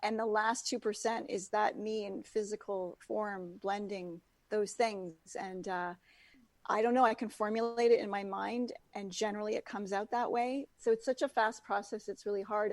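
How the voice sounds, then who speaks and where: A woman's voice: mid-range voice, fairly even intonation, normal speed, no echo. A woman guest in a casual interview, chatty and full of fillers like "like" and "you know". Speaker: guest, natural products founder.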